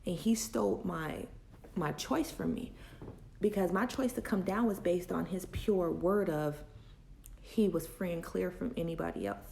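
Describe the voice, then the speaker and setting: A woman's voice: on the low side, animated, measured pace, vocal fry, dark tone, slight background noise. A woman hosting a women's chat, telling a personal story in a candid, confiding and emotional way, with faith woven in.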